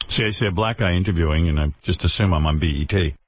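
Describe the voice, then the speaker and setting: A man's voice: quick pace, no room sound. A man co-hosting a radio show, chatting in a dry, sarcastic way on a studio mic. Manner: dry, sarcastic, does shrill impressions. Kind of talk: casual radio talk, playing clips.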